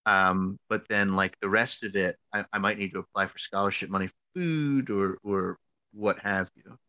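An American man in his thirties, a podcast co-host, telling a story casually with lots of fillers and lively quoted voices. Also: low voice, moderate pace, no echo. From United States. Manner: animated, filler-heavy storytelling.

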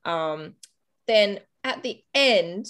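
A woman's voice: mid-range voice, expressive, drawn-out words, a bit bright. A woman podcast host chatting casually, recapping a story bluntly with some swearing.

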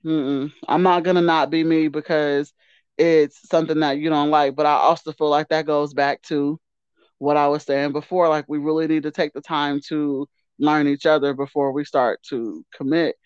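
A woman's voice: sits low, little pitch movement, normal speed, darkish tone, clear, resonant tone, dry recording. Emphatic, self-assured woman on a dull line. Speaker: guest. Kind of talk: casual podcast debate.

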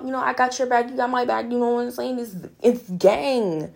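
A young woman hosts a podcast in a loose, frank monologue. Her voice carries a slight fry at the edges. She swears freely and keeps calling her listeners girl, baby and honey. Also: a little high, lively intonation, normal speed. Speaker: podcast host. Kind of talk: casual motivational monologue.

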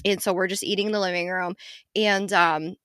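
Woman, podcast co-host, casual chat, gossipy, swears a lot, bright tone. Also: fairly low pitch, fairly quick, smooth, no echo, studio quality. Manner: gossipy, animated storytelling with frequent swearing.

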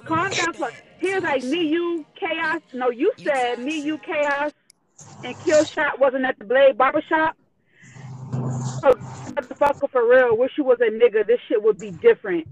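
A woman's voice: high voice, normal speed, a little hiss or hum. A woman guest on a casual podcast, indignant and profane as she reads messages aloud.

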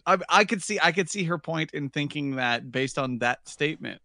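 A man's voice: a little high, expressive, normal speed, vocal fry, pushed and bright, no room sound, clean studio sound. A man in casual chat, teasing a friend and arguing his point, often restarting his words.

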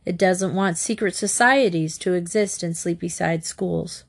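A woman's voice: on the low side, measured pace, gravelly. Woman reading a storybook aloud. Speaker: audiobook narrator. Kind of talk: storybook narration.

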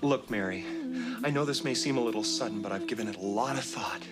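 A man's voice: fairly low pitch, fast talker, over loud music, lightly acted. An actor playing an awkward, lovestruck man who stumbles over his words in a comedy film scene. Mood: earnest. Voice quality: nervous, stumbling, eager.

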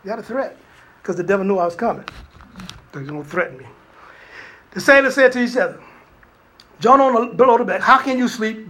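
A male preacher delivering a sermon, telling stories animatedly and acting out voices. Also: sits high. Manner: animated storytelling, acts out voices, laughs often.

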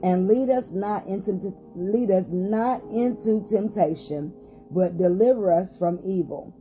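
A woman's voice: medium pitch, unhurried, warm tone, faint music behind. A woman pastor hosting a short podcast Bible study, reading scripture aloud with rising emphasis and some hesitant fillers.

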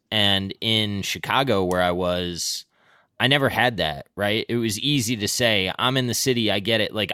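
A man's voice: sits low, bright, forceful tone, smooth, no echo, studio quality. A man hosting a podcast who speaks in a reflective, hesitant way and searches for his words. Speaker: podcast host. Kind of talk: reflective conversational chat.

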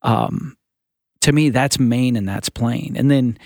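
A man co-hosting a casual podcast, speaking in an animated, teaching way. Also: medium pitch, takes it slowly, no room sound, clean studio sound. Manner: animated, laughs often, teaching tone. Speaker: podcast co-host.

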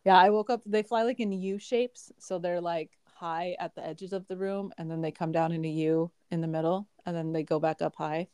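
A woman's voice: on the low side, steady tone, normal speed, few pauses, a little mellow, smooth, no room sound, clean studio sound. A young woman co-hosting a podcast, talking in a laid-back, wry casual chat full of fillers. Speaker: podcast co-host.

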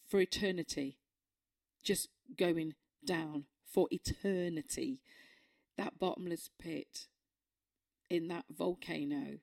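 A woman sharing a personal faith testimony, earnest and emotional, halting with many fillers and restarts. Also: low voice, vocal fry, darkish tone.

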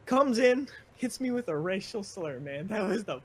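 A man streamer chatting casually, joking with quick comebacks. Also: high-pitched, sing-song, husky. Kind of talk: casual chat.

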